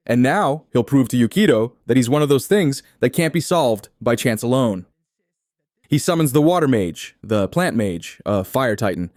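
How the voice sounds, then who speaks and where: A man retelling a comic story in steady, scripted third-person narration. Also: medium pitch, no room sound, studio quality. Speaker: recap narrator.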